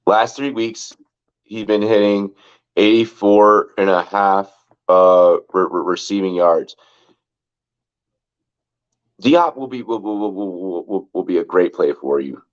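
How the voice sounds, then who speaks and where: Rambling low-voiced man on sports talk. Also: slow pace, long pauses. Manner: rambling, stacks of "like" and repeats, swearing. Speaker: fantasy football podcast host. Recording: dull lo-fi sound.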